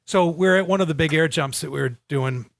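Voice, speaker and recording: A man, a guest in a podcast studio, telling casual stories in an animated way and acting out quoted voices. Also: fairly high pitch, a little fast, creaky, no echo. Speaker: guest, motocross event organizer. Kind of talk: casual storytelling.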